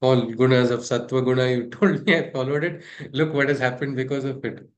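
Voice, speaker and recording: A man's voice: medium pitch, steady tone, brisk, lightly acted. A man, voicing a hurt and indignant male snake as he retells a fable in a class.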